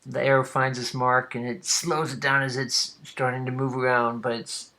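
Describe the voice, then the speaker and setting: A man running a tabletop game as game master, describing the scene in an unhurried way with frequent ums. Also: medium pitch, little pitch movement, sharp tone.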